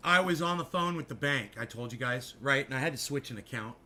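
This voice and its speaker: A man chatting casually with his audience, telling stories in an animated way with a lot of swearing and joking asides. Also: medium pitch, fairly quick, a little hiss or hum. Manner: animated storytelling, frequent swearing, jokey mock-advert asides. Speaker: streamer. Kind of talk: casual rambling chat.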